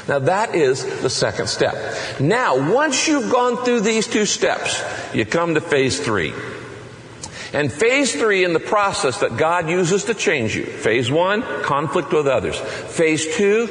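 A man preaching to a congregation in a big, reverberant church hall. His voice sits fairly high and swings widely in pitch as he presses his points with rhetorical questions. The sound rings with a long room echo. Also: a bit bright. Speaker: pastor. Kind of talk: sermon.

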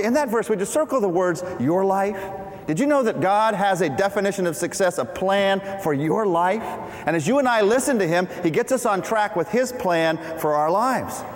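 A man's voice: sits high, a little hiss or hum. A middle-aged man preaching a conversational sermon, leading his congregation through Bible verses. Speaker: pastor. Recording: long hall reverb.

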